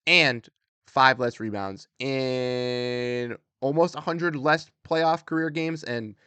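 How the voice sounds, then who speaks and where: A man's voice: mid-range voice, slow pace, sharp tone, clear, resonant tone, no room sound. Fired-up young man, dry close mic. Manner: fired-up, repetitive, many fillers. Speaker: sports commentary host. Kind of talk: casual commentary.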